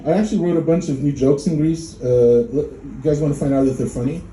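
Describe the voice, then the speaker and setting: A man from Poland in his thirties performing a stand-up comedy set at a club, deadpan and dark, slipping into mocking voices. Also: on the high side, fast talker, a little hiss or hum. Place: comedy club before a live audience. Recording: echoey room with crowd laughter.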